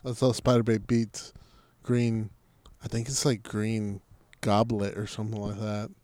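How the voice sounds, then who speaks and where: A man's voice: fairly low pitch, flat delivery, measured pace, a little mellow, dry recording. A man co-hosting a podcast, telling a rambling, profane story in casual chat with frequent restarts. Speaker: podcast co-host.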